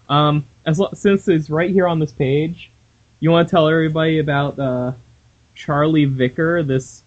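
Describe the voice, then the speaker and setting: A man chats casually on a comic book podcast, joking and laughing as he goes. His voice sits a little high, and the recording sounds dull and lo-fi. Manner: joking, animated, laughs often. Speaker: podcast co-host.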